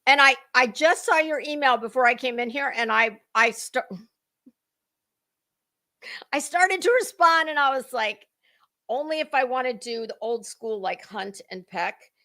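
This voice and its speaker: A woman's voice: high-pitched, normal speed, bright, forceful tone. A middle-aged woman, hosting a rambling livestream chat, greeting viewers by name and fighting a dry cough. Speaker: livestream host. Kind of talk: casual chat.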